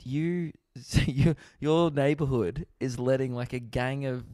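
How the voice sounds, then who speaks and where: A young Australian man in casual podcast chat, spinning jokey anecdotes and breaking into laughter. His voice sits at a middling pitch, recorded dry and close with no room sound around it. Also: fairly even intonation, measured pace, mellow, dry recording. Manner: jokey storyteller, laughing often. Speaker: podcast host. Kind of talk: casual chat over video call. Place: at home, remote. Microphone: video call.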